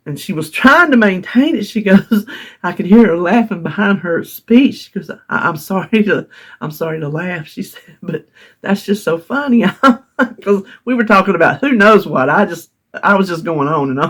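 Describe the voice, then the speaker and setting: A middle-aged woman, telling a story to her vlog audience in a chatty way and laughing often. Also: medium pitch. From North Carolina, US. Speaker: vlogger. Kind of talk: casual storytelling.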